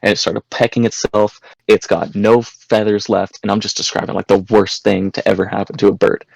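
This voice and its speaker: A young man with a low, gravelly voice tells prank-call stories on a podcast, crude and loose. The sound is dry and close, with no room around it. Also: level tone, fairly quick, no room sound, low-quality recording. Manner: storytelling, crude jokes, acts out voices. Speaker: podcast guest. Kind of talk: casual chat.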